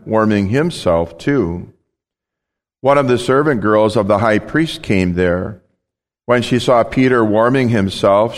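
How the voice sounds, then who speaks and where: A man, a pastor, reading scripture in a service in a measured prayerful way. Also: fairly low pitch, long reverb tail.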